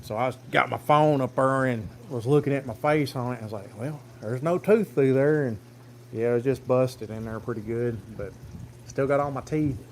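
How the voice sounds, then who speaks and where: A man's voice: medium pitch, moderate pace. Man, folksy, rambling, plain-spoken, phone-camera livestream, faint outdoor noise. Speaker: farm vlogger. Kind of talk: casual livestream storytelling.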